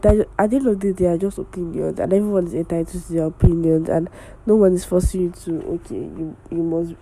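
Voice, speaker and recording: Very dark-voiced chatty young woman. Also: mid-range voice, rough recording. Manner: chatty and rambling, many fillers and restarts, laughs easily. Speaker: podcast host. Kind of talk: casual solo podcast chat. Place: indoors under a blanket.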